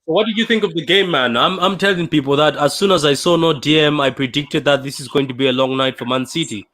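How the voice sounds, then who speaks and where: A young man hosting a fan livestream after a painful defeat, talking in a dejected, halting way with many repeats and restarts. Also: fairly high pitch, a bit bright. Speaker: fan channel livestream host. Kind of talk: emotional post-match fan livestream.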